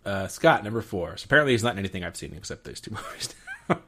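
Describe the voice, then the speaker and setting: A man in relaxed conversation about a film who hands the turn to the next speaker. His pitch moves a lot, rising and falling as he talks, giving the chat a lively feel. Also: fast, husky. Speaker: podcast co-host. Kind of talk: casual movie review chat.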